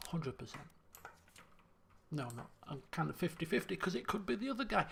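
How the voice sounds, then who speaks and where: A man commentating a game stream in a high, raised voice with a gravelly edge to it. He mutters to himself and reasons aloud as he puzzles over clues. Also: sing-song, brisk, slight background noise. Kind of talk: let's play commentary.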